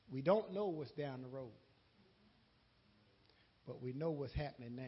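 A high-pitched man preaches off the cuff, his voice husky and breathy. He talks in a folksy way, laughing and acting out what others said. The recording is dull and lo-fi. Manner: folksy, laughing, repeats words, quotes conversations. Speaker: lay preacher. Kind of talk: unscripted sermon.

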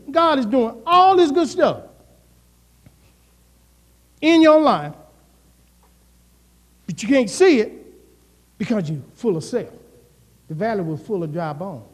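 A man's voice: very high-pitched, darkish tone. A male pastor a sermon, with call and response and swings in intensity. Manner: preaching with call and response, rising and falling intensity. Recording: reverberant church hall.

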